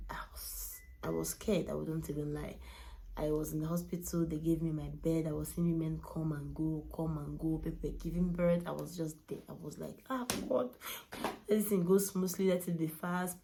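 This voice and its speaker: Young woman vlogger, low gravelly voice, chatty and animated. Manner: animated, laughs often, drops to a hushed tone on sad parts. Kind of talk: casual storytelling to camera.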